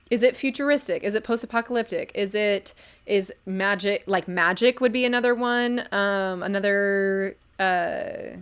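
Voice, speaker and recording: American woman, thirties, casual live-stream chat, chatty, plenty of ums, mid-pitched voice. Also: fairly bright tone, smooth. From United States. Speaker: streamer reviewing stories.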